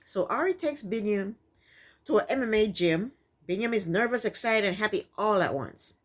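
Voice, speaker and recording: A woman's voice: medium pitch, lively intonation, normal speed. A woman giving a casual, opinionated recap of a reality TV episode, sassy and exasperated. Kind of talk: casual commentary.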